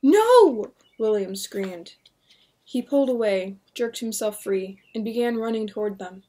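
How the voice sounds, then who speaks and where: A woman reading a horror novel aloud in a steady, measured narration. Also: mid-range voice. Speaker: audiobook reader.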